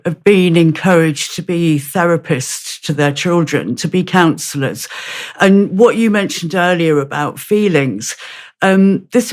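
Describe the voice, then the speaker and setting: A woman speaking as a guest in a podcast conversation, explaining her points in a measured way through everyday examples. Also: lowish voice.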